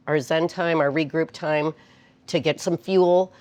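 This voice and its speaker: A woman's voice: low-pitched, fairly even intonation, unhurried, darkish tone. A woman in an interview, reflecting on years of restaurant work in a heartfelt, storytelling way. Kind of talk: casual interview talk.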